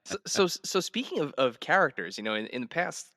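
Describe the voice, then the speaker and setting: Bright-toned male podcast host. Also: fairly high pitch, sing-song, brisk, dry recording, studio quality. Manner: eager, stumbling questions. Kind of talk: casual interview.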